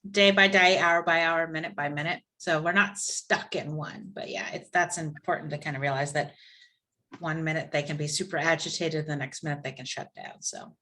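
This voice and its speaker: Woman instructor, bright clear voice, chatty storytelling teacher on a video call. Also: sits low, moderate pace. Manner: conversational, lively storytelling with asides. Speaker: class instructor. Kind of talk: live online class.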